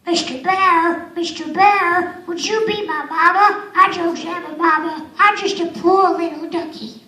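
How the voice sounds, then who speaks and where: A squeaky little cartoon duckling. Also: male voice, steady tone, a little slow, sharp tone, reverberant, far from the mic, a little hiss or hum, exaggerated voice, poor audio. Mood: pleading. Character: small needy baby duck, male, pleading.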